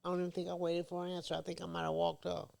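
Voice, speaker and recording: A middle-aged woman, the host's mother, a podcast guest speaking calmly in short affirming phrases. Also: lowish voice, racing, gravelly. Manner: calm, brief, affirming. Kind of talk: casual chat.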